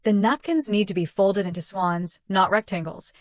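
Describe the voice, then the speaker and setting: A woman's voice: mid-range voice, moderate pace, no room sound, lightly acted. A woman reading the lines of a controlling middle-aged mother-in-law with a sugary, bossy way of talking, recorded dry.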